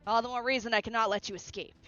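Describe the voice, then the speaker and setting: A woman's voice: a little high, steady tone, pushed and bright, highs cut off, faint music behind. A woman reading a stern, formal male knight. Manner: formal, measured delivery.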